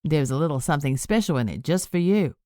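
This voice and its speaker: A boastful male warlock who talks down to everyone as if it were a casual chat, voiced by a woman reading an audiobook. The voice sits low and dry. He sounds self-satisfied. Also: animated, quick pace, dark tone, dry recording. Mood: smug, patronizing. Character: smug boastful Australian male warlock leader.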